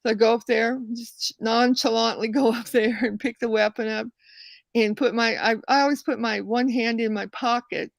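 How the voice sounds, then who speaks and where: A woman hosting a talk show tells a long story in a loose, rambling way, backing up and restarting her sentences as she goes. Her voice sits somewhat high and carries a gravelly fry. The sound is dry and close. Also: moderate pace, no echo. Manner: rambling, animated, many restarts. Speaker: show host. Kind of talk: casual storytelling.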